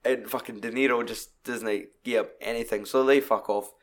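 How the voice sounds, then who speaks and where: A Scottish man hosting a podcast, chatting casually about a film with lots of swearing and animated retelling. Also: medium pitch, normal speed. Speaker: podcast host. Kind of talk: casual film review chat.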